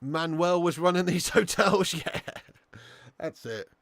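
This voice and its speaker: A man's voice: sits high, takes it slowly, fairly bright tone, no echo. A young man hosting a live football watch-along who chats, swears and laughs, bantering with viewers in the chat.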